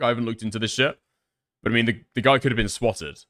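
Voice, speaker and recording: A man with a bright, forceful voice talks over clips on his live stream. He swears freely and comes across as sardonic and exasperated. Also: mid-range voice, quick pace. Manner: profane, exasperated, sardonic outbursts. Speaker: streamer reacting to videos. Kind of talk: live-stream reaction commentary.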